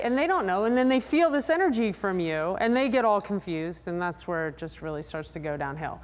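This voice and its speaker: A woman psychologist giving a lively, chatty talk to a convention audience, drawing answers from the crowd. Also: fairly quick, few pauses. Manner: animated, chatty, acts out riders in high voices. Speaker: sports psychologist presenter. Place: large convention hall. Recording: long hall reverb.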